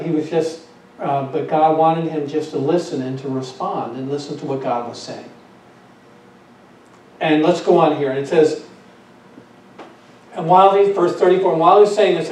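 Man, pastor, sermon, mellow tone, rhetorical questions, strong room echo, distant mic. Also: a little high. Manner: rhetorical questions, repeats phrases, trails off softly.

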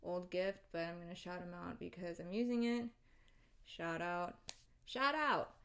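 A woman in a casual comedic rant, recording alone on a home microphone and talking in an animated, profane, exasperated way. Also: on the low side, normal speed, vocal fry. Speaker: solo podcaster.

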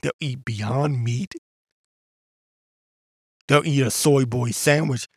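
A man's voice: medium pitch, slow pace, breathy edge, no room sound, clean studio sound. A man hosting a podcast, talking in a ranting, combative way and mocking others in put-on voices. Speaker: podcast host. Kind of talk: casual monologue.

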